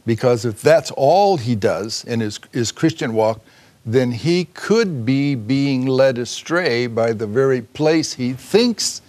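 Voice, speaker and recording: A man's voice: mid-range voice, animated, takes it slowly, darkish tone. A man co-hosting a Bible discussion, adding his points earnestly and with emphasis. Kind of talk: conversational Bible teaching.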